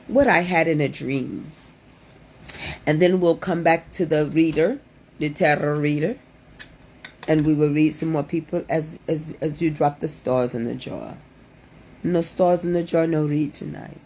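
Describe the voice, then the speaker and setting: A woman's voice: sits low, dark tone, slight background noise. A woman hosting a playful livestream, exclaiming dramatically and repeating her phrases in a sing-song way. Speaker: livestream host doing card readings.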